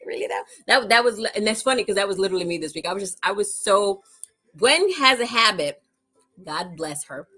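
A woman's voice: medium pitch, animated, fairly quick, sharp tone, faint music behind. A woman co-hosting a podcast, chatting casually, laughing a lot and acting out quotes. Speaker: podcast co-host. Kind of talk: casual chat.

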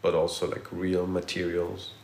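Middle-aged male architect guest, lowish voice, excitable rambling, echoey room. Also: moderate pace, vocal fry, a little hiss or hum. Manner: animated, rambling with frequent restarts. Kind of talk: casual conversational interview. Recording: roomy echo.

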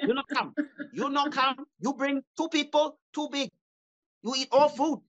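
A man's voice: very high-pitched, moderate pace, fairly bright tone, highs cut off, pitched above the performer's own voice. A man putting on a brusque older restaurant owner who barks broken-English orders at customers. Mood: shooing.

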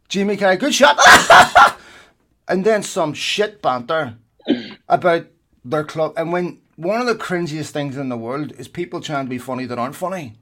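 A man's voice: on the high side, normal speed, heavy background noise. Ranting man with a raised voice. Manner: animated, ranting, swears. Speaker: podcast co-host. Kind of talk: heated casual podcast chat.

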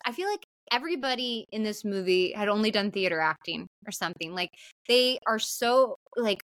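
A woman co-hosting a podcast, talking through a movie scene by scene. She is animated and jumps into higher voices to act out lines. The sound is dry and close to the mic. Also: no room sound. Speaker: podcast co-host. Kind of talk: casual film recap chat.

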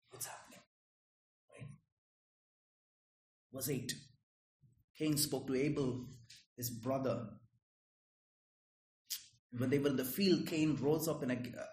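A man's voice: a little high, a little mellow. A man preaching a sermon in a conversational way, often checking in with "Right?" and "Okay?". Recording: echoey room.

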